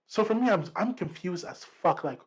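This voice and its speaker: A man co-hosting a podcast, telling a story in casual chat, lively and profane, acting out what people said. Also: high-pitched, normal speed, rough recording. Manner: animated, profane, acts out quotes. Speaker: podcast co-host.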